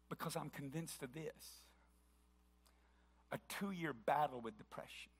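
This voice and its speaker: A man's voice: on the high side, a bit bright. A middle-aged male pastor preaching a sermon, fervently declaring scripture aloud and sometimes chanting it.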